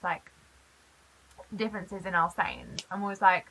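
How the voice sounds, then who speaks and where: A British woman from the UK chatting in a casual vlog, animated and quick to laugh. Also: mid-range voice, poor audio. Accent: British English. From United Kingdom. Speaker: YouTuber.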